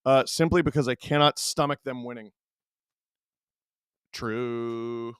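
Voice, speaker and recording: A man in his thirties hosting a stream, reading chat aloud and telling stories in an animated, casual way. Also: medium pitch, slow, clear, resonant tone, no echo, studio quality. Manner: animated storyteller, reads chat aloud, laughs often.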